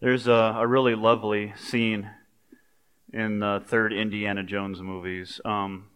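A man's voice: on the low side, a little slow, smooth, big-room sound. A man preaching a sermon in a conversational, storytelling way, with everyday asides. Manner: conversational, animated storytelling with pop culture asides.

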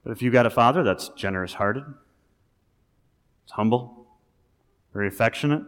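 A man's voice: medium pitch, normal speed, pauses often. Man preaching in a reverberant hall. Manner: conversational, animated preaching with rising emphasis. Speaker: pastor. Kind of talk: sermon. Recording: long reverb of a large hall.

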